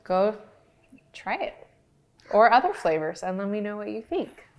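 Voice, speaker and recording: A woman's voice: mid-range voice, very animated, unhurried. A young adult woman who makes ice cream, chatting casually through a review and talking with her mouth full. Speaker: ice cream maker reviewing store-bought ice cream. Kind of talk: casual product review vlog.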